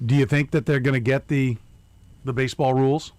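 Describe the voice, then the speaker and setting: A man's voice: medium pitch, steady tone, fairly quick, a little mellow, dry recording. Teasing middle-aged male radio host. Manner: teasing, chatty. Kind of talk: casual radio banter.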